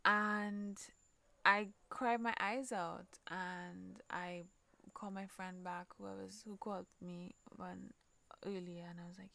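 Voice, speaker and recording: A woman with a Trinidadian accent hosting a podcast, telling a personal story in a halting way, repeating words, swearing and sometimes dropping almost to a whisper. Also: medium pitch, steady tone, vocal fry, bright, forceful tone. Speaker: podcast host.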